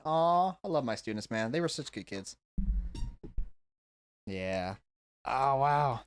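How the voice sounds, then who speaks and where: A man's voice: medium pitch, lively intonation, takes it slowly, long pauses, clear, resonant tone, dry recording. A man, an English teacher, talking through a reaction video at home in a rambling, self-correcting way. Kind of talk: casual reaction vlog. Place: indoors at home.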